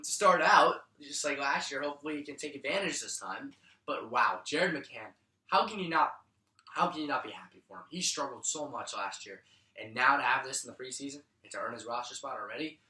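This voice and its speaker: Young man, excitable, rambling vlog talk, bright forceful voice, echoey room. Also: distant mic. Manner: excitable, rambling, jumps up in pitch when thrilled. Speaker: vlogger. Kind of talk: casual excited recap. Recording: echoey room, voice a bit off-mic.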